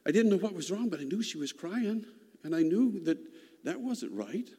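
Mellow-voiced man telling a folksy story. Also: high-pitched, big pitch swings, husky. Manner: folksy, unhurried, reflective. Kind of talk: personal storytelling. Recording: long hall reverb.

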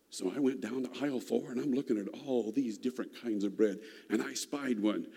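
A man tells a homespun story from his childhood, unhurried and reflective. His voice sits mid-range with a mellow, dark tone, and a long reverb rings around it as if in a hall. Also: mid-range voice, vocal fry, husky. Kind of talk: personal storytelling.

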